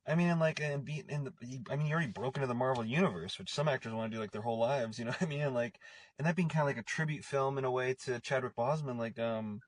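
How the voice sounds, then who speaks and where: A man's voice: mid-range voice, racing. A man hosting an interview show, asking rambling questions full of "like" and "I mean". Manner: rambling, heavy use of "like" and "I mean". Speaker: podcast host. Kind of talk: casual interview talk.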